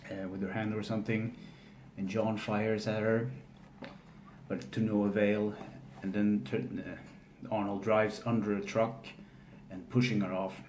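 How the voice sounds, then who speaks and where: Man, casual recap, stop-start, faint room hum. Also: on the low side. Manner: halting, many fillers and restarts, flat delivery. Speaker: film recapper. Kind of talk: casual spoken film recap. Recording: echoey room with faint ambience.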